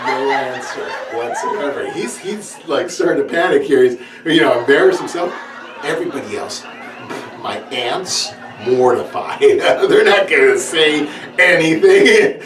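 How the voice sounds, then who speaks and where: A man's voice: sing-song, measured pace, a bit bright. Laughing man telling a comic story. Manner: laughs often, acts out characters in a high voice. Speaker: comedian. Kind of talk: sit-down comedy storytelling. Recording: roomy echo, distant mic, clear background noise.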